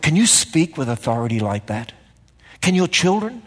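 A male preacher delivers a sermon in a church sanctuary. His voice sits a bit high, and he drives home one rhetorical question after another, sometimes loud and sometimes dropping low. A long hall reverb trails behind every line. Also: very animated, moderate pace. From Australia. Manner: emphatic rhetorical questions, swings between loud and hushed.

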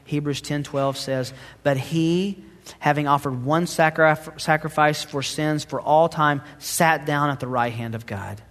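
A male pastor preaching a sermon, dramatic, swinging between loud emphasis and hushed asides. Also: a little high, a little slow, long reverb tail.

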